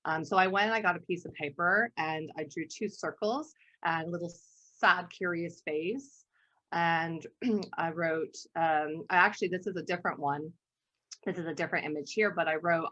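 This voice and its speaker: Lively lower-voiced woman on a dull web call. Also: normal speed. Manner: animated storytelling with laughs. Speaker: guest art therapist presenter. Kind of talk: online workshop talk.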